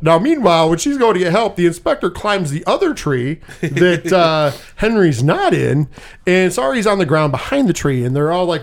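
A man co-hosting a podcast, casually recapping a movie in animated style, swearing freely and acting out the characters' lines. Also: high-pitched, moderate pace. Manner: animated, swears often, acts out quotes.

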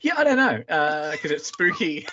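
A man co-hosting a casual film-review podcast, cracking wry jokes and acting out quick asides. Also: fairly high pitch, sing-song, sharp tone, dull audio, slight background noise. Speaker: podcast co-host.

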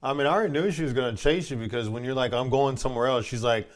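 A man's voice: medium pitch, rapid-fire. A man co-hosting a podcast, joking and teasing as he chimes in with his side of the story. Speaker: podcast co-host. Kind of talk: casual chat.

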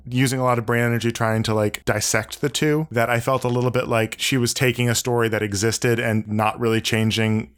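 A man co-hosting a book discussion, giving an organized, measured review. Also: mid-range voice, little pitch movement, clean tone. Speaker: book club podcast co-host.

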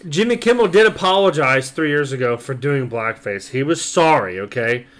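A man's voice: mid-range voice, expressive, moderate pace. A man co-hosting a casual podcast, talking in a brash, profane, fired-up way. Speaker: podcast co-host. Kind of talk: casual chat.

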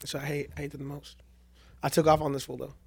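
A young man, a podcast guest, telling animated stories in casual chat with heavy swearing. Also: fairly high pitch, quick pace, creaky, slight background noise.

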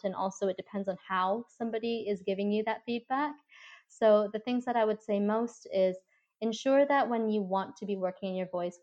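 A woman who coaches voice and communication, answering interview questions in an earnest, measured way. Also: mid-range voice, darkish tone, muffled recording.

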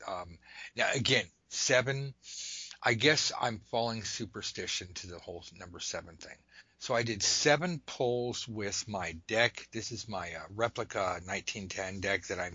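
A man explains his tarot routine in a loose, joking ramble full of animated asides, as if chatting with friends at a table. His voice is bright and forceful. The sound is dry and close, with almost no room around it. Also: fairly low pitch, slightly rough, dry recording, highs cut off. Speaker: tarot reader teaching a method. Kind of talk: casual spoken demonstration.

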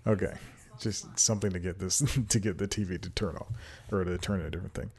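Rambling, chuckling man with a low voice. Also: fairly even intonation, fast talker, darkish tone, husky. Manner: rambling, self-deprecating, laughs often. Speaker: podcast host. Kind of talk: casual solo podcast monologue. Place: home room with TV playing behind. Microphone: desk microphone.

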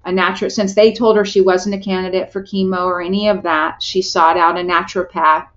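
A woman's voice: lowish voice, flat delivery, a little fast, fairly bright tone, lo-fi sound. A middle-aged woman telling a personal story as a podcast guest, earnest and heartfelt, often restarting her sentences.

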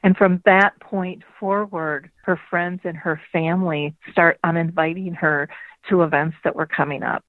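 A woman, a dementia advocate, telling a parable with measured, drawn-out phrasing over a phone line. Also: fairly low pitch, steady tone, dry recording. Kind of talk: storytelling parable. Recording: dry tinny phone-line sound.

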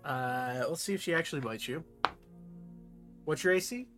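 A man narrating a tabletop role-playing game as game master, recapping events with many pauses, filler sounds and restarts. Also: a little high, music in the background.

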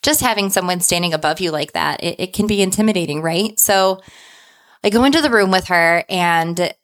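Chatty woman with a lowish voice. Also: brisk, fairly bright tone. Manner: chatty, tags lines with "like" and "right?". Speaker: storyteller. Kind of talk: casual personal anecdote.

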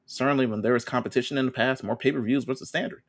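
A man's voice: mid-range voice, steady tone, rapid-fire, close to an everyday voice. A man doing an impression of a male wrestling company boss who talks in formal, careful press-statement phrases. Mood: earnest.

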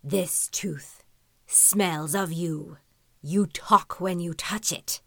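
A woman voicing a hulking clawed beast that speaks in a gruff, slow, halting growl. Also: fairly low pitch, pushed and bright, no room sound, clean studio sound, heavily acted. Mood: urgent.

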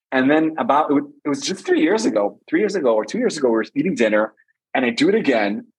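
This man's voice has a husky, slightly breathy grain. He sits at a middle pitch and works through relationship advice in an animated storytelling way, often repeating his phrases for emphasis. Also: brisk, poor audio. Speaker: relationship coach guest. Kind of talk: conversational advice.

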